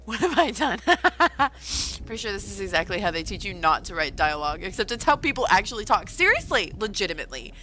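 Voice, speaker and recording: Bright-voiced woman reacting on a livestream. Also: medium pitch, a little fast, faint music behind, rough recording. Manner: animated, exclaiming in disbelief between read-out passages. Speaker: author livestreaming a writing session. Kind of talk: livestream, reading a news report aloud and reacting.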